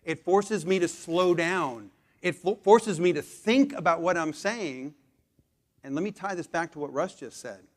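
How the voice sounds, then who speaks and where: A man in his forties leading a presentation skills training, emphatic, shifting from quick bursts to slow deliberate pauses. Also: a little high. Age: 40s. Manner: emphatic, swings between punchy speed and slow deliberate pauses. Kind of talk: live training talk to a room.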